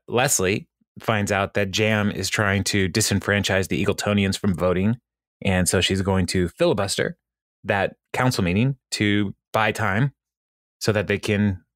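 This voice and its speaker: Laid-back low-voiced male podcast host. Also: fairly bright tone, dry recording, clean studio sound. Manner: laid-back, chuckles often, meandering. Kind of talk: casual chat recapping a TV episode.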